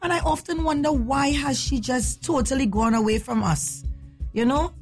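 A woman from Trinidad and Tobago with a Trinidadian accent, hosting a casual talk radio show in an animated, chatty way and slipping into local dialect. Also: sits high, moderate pace, soft background music. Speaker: radio host.

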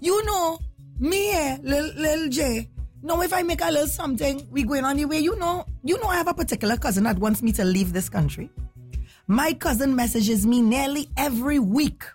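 A woman from Trinidad and Tobago with a Trinidadian accent, hosting a casual talk radio show in an animated, chatty way and slipping into local dialect. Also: high voice, moderate pace, faint music behind. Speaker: radio host.

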